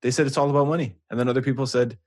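Podcast co-host, male, husky, excitable and teasing in loose banter. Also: mid-range voice, racing.

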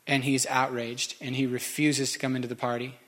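A man's voice: medium pitch, little pitch movement, brisk, a bit bright. A man preaching a sermon, conversational and joking with the congregation. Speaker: pastor.

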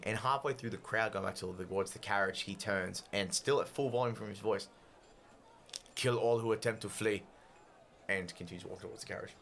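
A man's voice: sits low, vocal fry, sharp tone. A man narrating a tabletop game as game master, slipping into character voices.

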